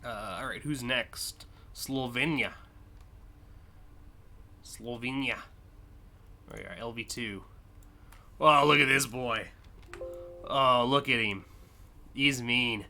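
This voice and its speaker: A man's voice: mid-range voice, slow, long pauses, pushed and bright, slight background noise. A man streaming live, casually and enthusiastically judging car designs, with frequent fillers and swearing.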